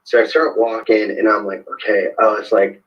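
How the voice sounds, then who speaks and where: A man's voice: on the low side, little pitch movement, moderate pace. A man, a podcast guest, telling a personal story in a conversational way, hesitant, with many fillers and restarts. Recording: dull lo-fi sound.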